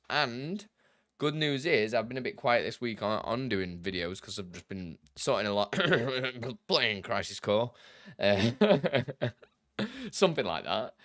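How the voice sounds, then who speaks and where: A man's voice: mid-range voice, bright, forceful tone, dry recording, studio quality. A young man chatting casually on a live stream, greeting viewers by name and laughing easily as he takes tech questions.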